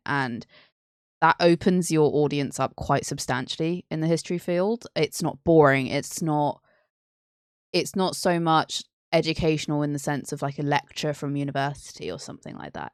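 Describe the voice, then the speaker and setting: A woman's voice: sits low, clean tone, no echo, studio quality. A woman hosting a casual history stream, rambling, teasing and giggling often.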